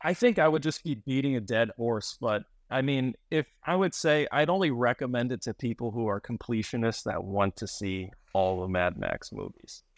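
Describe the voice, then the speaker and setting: A man's voice: mid-range voice, big pitch swings, normal speed, few pauses, no room sound, clean studio sound. A man co-hosting a casual movie review podcast, rambling and swearing with easy laughs. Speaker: podcast co-host.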